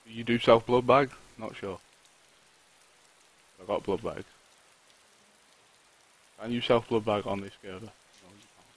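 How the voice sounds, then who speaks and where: A man's voice: fairly low pitch, steady tone, unhurried, long pauses, poor audio. A man talking to himself while live-streaming a survival game, swearing often and griping at the game. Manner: swears a lot, talks to himself and the game, frustrated outbursts. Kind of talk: live gameplay commentary.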